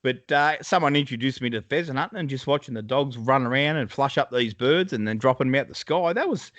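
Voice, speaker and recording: A man's voice: mid-range voice, brisk, a bit bright, no room sound. An Australian man co-hosting a podcast, telling stories casually and laughing often. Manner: laughs often, easygoing storytelling. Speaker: podcast co-host. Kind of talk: casual banter.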